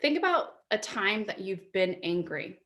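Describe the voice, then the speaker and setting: A woman in her thirties gives a conference talk in a relaxed, conversational way. She keeps asking her listeners reflective questions and laughs easily as she goes. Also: medium pitch, unhurried. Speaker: conference speaker. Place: apartment.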